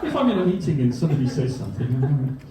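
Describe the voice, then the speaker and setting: Racing through his material with big pitch swings, this Australian man at medium pitch delivers comedy science on stage to a live crowd, audible in the background. His humor is dry and self-deprecating, and he laughs at his own jokes. The mic sits far off in a hall full of echo.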